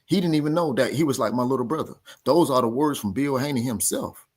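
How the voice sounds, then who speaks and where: A man's voice: mid-range voice, quick pace, husky. A man hosting a boxing talk show, ranting in a heated, casual way and repeating his points with emphasis. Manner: animated, repetitive, argumentative.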